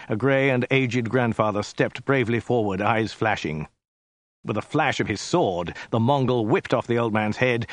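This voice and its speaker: A man narrating a comic story in a deadpan, scripted audiobook reading. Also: lowish voice, no room sound.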